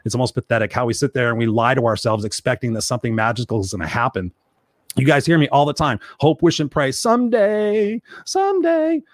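Male motivational host, quick, blunt, profane, dry close sound; keeps hammering the same point. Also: mid-range voice, no room sound. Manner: blunt, profane and emphatic, repeating phrases for force. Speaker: live-stream host reading viewer comments. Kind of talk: motivational live-stream talk.

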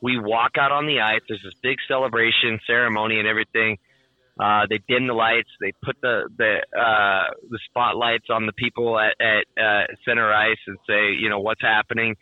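A man telling a story in casual chat, excitable and swearing constantly, with lots of "like.". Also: fairly low pitch, normal speed, no room sound, phone-quality sound.

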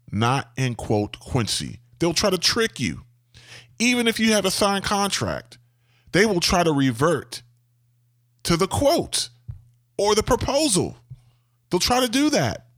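Brief: man, storytelling owner, lively swooping pitch, unhurried delivery. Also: dry recording, clean studio sound. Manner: animated, emphatic, wide swings in pitch. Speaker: homeowner sharing a contractor story. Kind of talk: storytelling talk.

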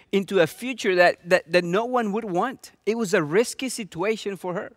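Male pastor, high voice, dry close recording, earnest sermon delivery. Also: a bit bright, no echo. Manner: earnest, with many rhetorical questions.

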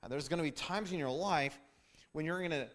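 A man's voice: on the high side, brisk, a bit bright. A man teaching a sermon-style Bible lesson, emphatic and repetitive, often restarting phrases.

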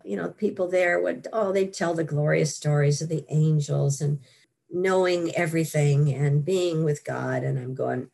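Gravelly older woman telling her story. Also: deep voice, normal speed. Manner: animated storytelling, laughs often. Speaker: guest author. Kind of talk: interview storytelling.

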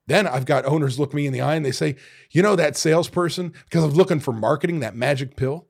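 A middle-aged man hosting a solo podcast, retelling restaurant owners' complaints in an animated, exasperated way with mild swearing. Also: on the high side, creaky, slightly rough. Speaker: podcast host.

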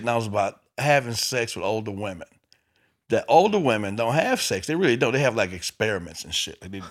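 A male comedian spinning stories in a loose, profane chat, his voice bright and forceful and leaping all over the pitch range. He acts out every character he mentions. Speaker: stand-up comedian. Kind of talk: casual storytelling chat.

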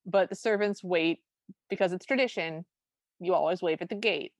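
A woman's voice: fairly low pitch, normal speed, dry recording. Brief: woman podcast co-host, enthusiastic casual recap, dry. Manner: chatty, enthusiastic, recounting scenes. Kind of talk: casual movie recap chat.

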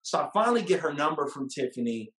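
Man, casual storyteller, animated, acts out quotes, high voice, roomy echo. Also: fast talker. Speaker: guest telling his love story.

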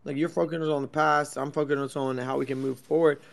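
A young man hosting a crypto talk stream, rambling and swearing in loud, jumpy, sarcastic banter from an office at night. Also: on the high side, steady tone, fast talker, vocal fry. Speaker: crypto space host.

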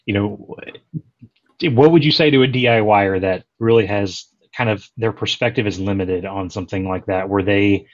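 A man's voice: lowish voice, moderate pace, highs cut off. A man who is a podcast guest, asking questions in a hesitant way and searching for his words. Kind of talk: casual interview questions.

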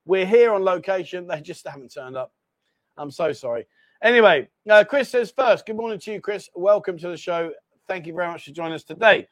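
A man's voice: high voice, animated, brisk, dry recording. A man hosting a casual livestream from a bar, chatty and apologetic, bantering with his co-host.

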